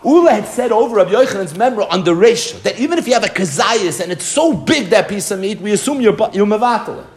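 A man's voice: high-pitched, fast talker, hardly any pauses. A man teaching a Talmud lesson, animatedly acting out the rabbis' exchanges and mixing Hebrew and Aramaic terms into English. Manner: animated, acts out the rabbis' dialogue.

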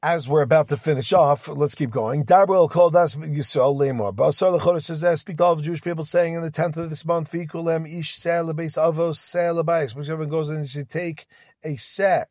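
A man with a fairly high voice leads a daily Talmud class, reading lines of Aramaic and then explaining each one in English. He sometimes stumbles and repeats a word as he reads. The recording is close and dry. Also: fairly quick, a little mellow, no room sound. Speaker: Talmud teacher.

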